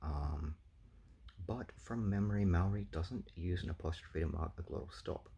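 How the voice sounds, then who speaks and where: Very deep gravelly man. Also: normal speed, dark tone. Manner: thinking aloud with many fillers. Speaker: language game player. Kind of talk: casual explanatory commentary.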